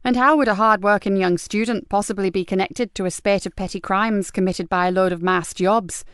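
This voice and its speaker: A woman voicing a sharp, tough female detective inspector who talks brisk and blunt. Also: mid-range voice, fairly even intonation, smooth, no room sound, studio quality, lightly acted.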